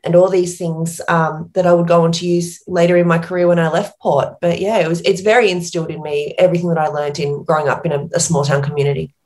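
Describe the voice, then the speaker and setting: A woman's voice: on the low side, steady tone, fast talker, hardly any pauses, a little mellow. An Australian woman with a small-town coastal accent, talking as an interview guest and author in a chatty, storytelling way with many fillers. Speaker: guest, author and business founder. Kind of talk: casual interview conversation.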